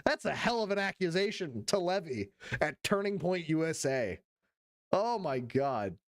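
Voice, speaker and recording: A young man streaming, reacting to clips in profane, excited commentary full of laughs. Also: fairly high pitch, moderate pace, no echo, clean studio sound.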